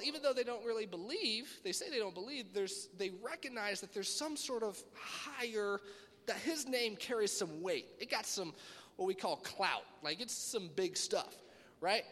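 A man giving a casual youth sermon, animated and chatty, acting out quoted dialogue in playful voices. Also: sits high. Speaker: youth speaker. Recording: long hall reverb.

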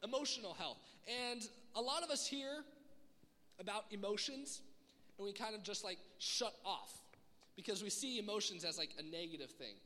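A young man preaching a sermon to a youth group, lively and conversational, acting out the voices he quotes. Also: high-pitched, normal speed. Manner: animated, acts out quoted voices. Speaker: youth pastor. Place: church hall. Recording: echoey hall.

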